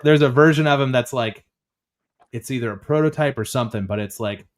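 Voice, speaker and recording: A man's voice: mid-range voice, brisk. A man talking casually and eagerly about collectible toys as a guest. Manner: chatty, enthusiastic about toys. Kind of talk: casual chat.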